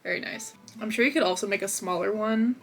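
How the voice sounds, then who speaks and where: Soft music plays behind a young woman hosting a crochet video from her home office. Her medium-pitched voice moves briskly as she chats in a casual, upbeat vlog style, using lots of fillers.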